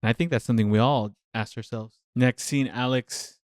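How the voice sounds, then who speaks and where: A man's voice: mid-range voice, steady tone, moderate pace, no echo, studio quality. A man, a nurse, giving casual reaction commentary on a TV show, passionate and venting, repeating himself as he thinks aloud.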